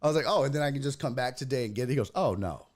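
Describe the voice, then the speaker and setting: A man's voice: medium pitch, fairly even intonation, rapid-fire. A man from Texas, hosting a podcast and telling a story in a casual, profane, ranting way. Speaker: host.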